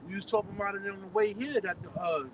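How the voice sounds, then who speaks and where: A man in a casual group chat who speaks haltingly with many pauses. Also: high-pitched, steady tone. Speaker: discussion participant. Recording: distant mic with outdoor noise.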